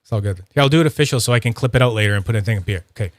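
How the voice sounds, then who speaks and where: A man's voice: lowish voice, racing, no echo, studio quality. A man with a Canadian accent hosting a live stream in casual, playful chat, laughing often. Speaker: stream host.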